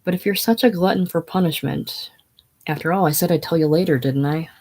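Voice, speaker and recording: A reader voicing a weary, cynical man worn down by grief and drink, in a listless monotone, in a casual play reading. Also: mid-range voice, brisk, close to an everyday voice.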